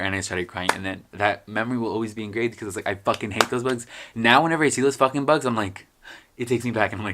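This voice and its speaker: A young man vlogging in a casual, profane ranting style, heavy on fillers, with sudden loud outbursts. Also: on the low side, fairly even intonation, fast, a little hiss or hum. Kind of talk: casual vlog rant.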